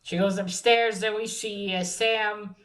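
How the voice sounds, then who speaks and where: A woman's voice: medium pitch, fairly even intonation, a little slow, fairly bright tone, low-quality recording. A woman giving a casual comic book review, chatty and profane, with many fillers and restarts.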